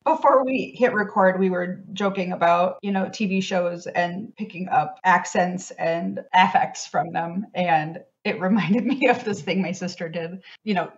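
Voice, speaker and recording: A woman's voice: lowish voice, unhurried, few pauses, muffled recording. Chatty woman podcast host. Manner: chatty, laughs often, storytelling. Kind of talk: casual interview chat.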